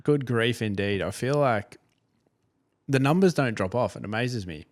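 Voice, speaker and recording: A man's voice: mid-range voice, moderate pace, no room sound. A young Australian man co-hosting a music podcast, joking and swearing in casual banter. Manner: cheeky, sweary, jokey. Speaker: podcast co-host.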